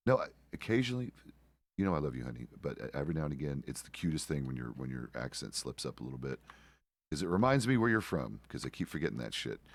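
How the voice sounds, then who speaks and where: This middle-aged streamer, in the role of a deputy, talks fast in a bass, sing-song voice with no room sound. His chat is loose and rambling, with frequent mid-sentence self-corrections and the odd curse word.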